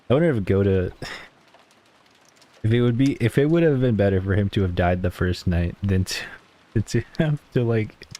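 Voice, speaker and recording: A man's voice: on the low side, dark tone. A man streaming, reading a visual novel's narration aloud with musing asides.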